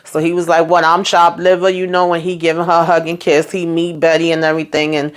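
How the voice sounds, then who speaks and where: A woman chatting casually through a TV episode recap, retelling scenes in a lively, filler-filled way. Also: low voice, fast talker, smooth. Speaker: TV show recap vlogger.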